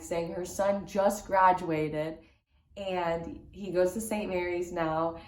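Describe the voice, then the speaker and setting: A young woman vlogger telling a faith story in a casual, chatty way, full of "like". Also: medium pitch. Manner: chatty, lots of "like", excited retelling. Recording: echoey room.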